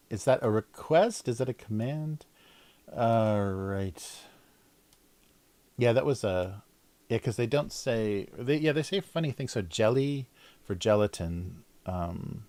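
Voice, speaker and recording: A man's voice: medium pitch, lively intonation, slow, long pauses, a little mellow, no room sound. A middle-aged man chatting casually on a livestream while drawing, rambling, cutting himself off and laughing often. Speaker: cartoonist livestreamer.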